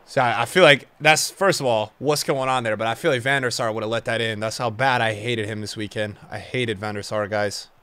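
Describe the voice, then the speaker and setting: A young man commentating his own football video game match as a streamer, swinging from low muttering to loud outbursts. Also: steady tone, a little fast, hardly any pauses, clear, resonant tone. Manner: emotional, swings from muttering to shouting. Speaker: gaming streamer. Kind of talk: live gameplay commentary.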